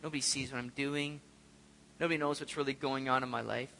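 A man with a mid-range, creaky voice preaches a sermon as a pastor, keeping his tone steady and sharp and his pace brisk. He talks conversationally and poses rhetorical questions to the congregation. The recording has a long hall reverb and slight background noise.

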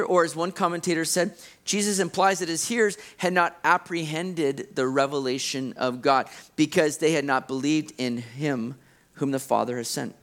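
High-voiced, animated male preacher. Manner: animated, acts out quoted voices with big pitch swings. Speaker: pastor. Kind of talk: sermon.

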